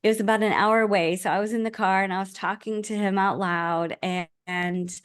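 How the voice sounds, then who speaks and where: A woman's voice: mid-range voice, fairly even intonation, brisk, clear, resonant tone, dry recording. Earnest middle-aged woman, dry close sound. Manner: earnest, heartfelt, frequent restarts. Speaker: podcast guest, author and life coach. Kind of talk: casual interview conversation.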